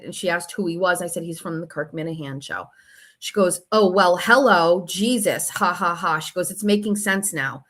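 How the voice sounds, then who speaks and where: A woman's voice: on the low side, fairly bright tone. Heated, profane woman host. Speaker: show host. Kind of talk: casual commentary reading out text messages.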